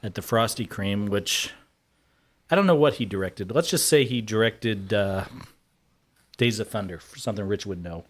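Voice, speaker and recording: A man's voice: lowish voice, normal speed. A man on a casual chat show, telling a story in a wry way. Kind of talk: casual banter.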